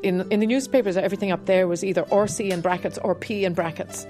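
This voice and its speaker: A woman who teaches harp, talking candidly and reflectively in a radio interview, with soft laughs. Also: medium pitch, steady tone, quick pace, soft background music. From Ireland.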